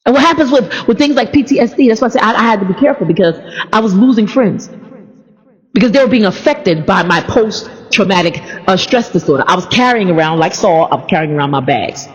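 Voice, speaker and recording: A woman preaching an informal, animated sermon that mixes personal stories with repeated phrases. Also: medium pitch, fast. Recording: dull recording in a reverberant hall.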